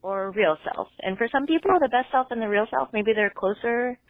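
A woman's voice: fairly high pitch, fairly quick, no echo. A woman calling in to a podcast, chatty, with lots of fillers. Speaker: caller. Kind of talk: voicemail call-in. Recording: dry tinny phone line.

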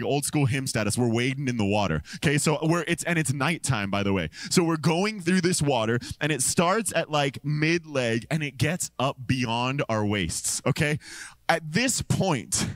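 A man preaching a sermon into a microphone, telling a story with lively swings between low, deadpan lines and excited high exclamations. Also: dry recording. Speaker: pastor. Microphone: handheld or stand microphone.

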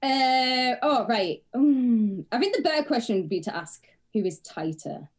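A woman's voice: a little high, lively intonation, unhurried. Sweary English woman podcaster. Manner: frank, sweary, wry. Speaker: podcast co-host. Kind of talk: casual comedic chat.

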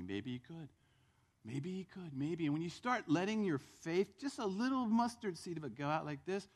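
A male pastor preaching a sermon in church, telling the story with lively acted-out voices. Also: fairly high pitch, moderate pace, husky.

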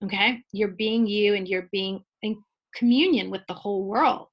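A woman in her forties, a guest in a conversational interview, explaining ideas in a playful, animated way and laughing often. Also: mid-range voice, normal speed, lo-fi sound.

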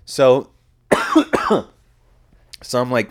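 On his podcast, a young male host with a lowish voice recounts a night out at normal speed, sounding animated. The casual storytelling monologue is rambling and full of profanity.

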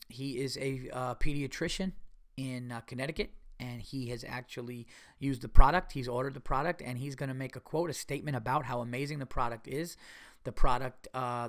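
A man's voice: mid-range voice, fairly even intonation, moderate pace, fairly bright tone. A man hosting his own podcast in casual solo talk, rambling and swearing, with lots of fillers and restarts. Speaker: podcast host.

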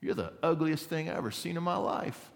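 A man voicing a rude, insulting male parrot in a pet store, with loud, mocking squawks. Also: fairly high pitch, expressive, a little fast, gravelly, voice pushed up. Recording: reverberant hall.

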